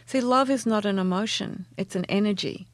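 In a casual interview, a woman who works as a transformational coach tells stories earnestly and warmly, laughing often. Her voice is mid-range and fairly quick, with no echo.

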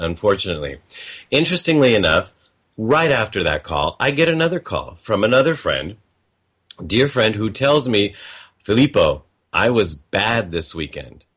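In a lowish, fairly bright voice, a man reflects on calls he has gotten, telling the stories in a conversational way. He quotes his callers and chuckles frequently.

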